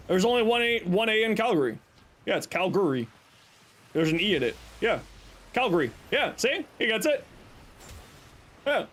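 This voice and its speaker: A young man chatting casually with viewers on a game stream, playful and teasing. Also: sits high. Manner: playful, teasing, joking deadpan bits. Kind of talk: casual live-stream chat.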